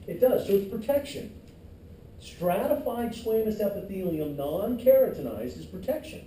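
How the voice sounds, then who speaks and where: A man's voice: sits high, expressive, moderate pace, warm tone, slight background noise. A middle-aged male teacher giving a classroom lecture, quizzing the class and cracking jokes, recorded from far off in an echoey classroom. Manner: joking asides, quizzes the class.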